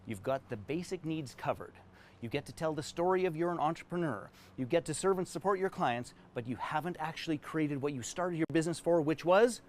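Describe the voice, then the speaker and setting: A man giving an online business training session in an emphatic, animated way while drawing diagrams. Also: a little high. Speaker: business coach.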